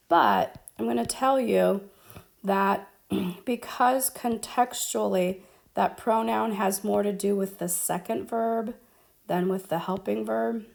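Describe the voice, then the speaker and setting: A woman's voice: mid-range voice, vocal fry, darkish tone. A woman teaching Spanish grammar at a whiteboard, explaining step by step with frequent ums. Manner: slow, explaining step by step with fillers.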